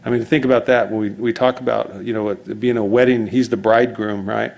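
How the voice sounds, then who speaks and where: A man's voice: on the low side, steady tone, a little fast, vocal fry, a little mellow. A man preaching as pastor, in a rambling conversational sermon full of asides and restarts.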